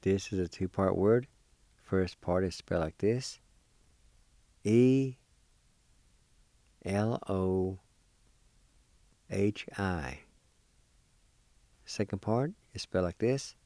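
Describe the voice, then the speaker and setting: Slow, patient man teaching pronunciation. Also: deep voice, mellow, no room sound. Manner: patient, spells out syllables one by one; encouraging. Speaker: language teacher. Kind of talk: recorded pronunciation lesson.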